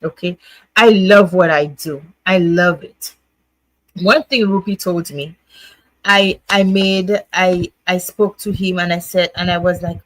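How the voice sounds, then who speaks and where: A woman's voice: fairly low pitch, animated, unhurried, no echo, poor audio. A woman hosting her own livestream show, chatting to viewers in a grateful, heartfelt way, laughing often and restarting her words. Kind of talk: casual heartfelt chat to viewers.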